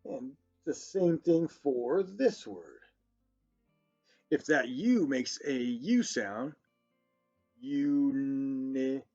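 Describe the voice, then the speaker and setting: Give me a male teacher for young kids, with a slightly raised, husky voice, who talks slowly and warmly praises every answer. The recording is dull and lo-fi, with faint music underneath. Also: fairly high pitch, sing-song. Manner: slow, encouraging, praising often. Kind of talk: children's phonics lesson.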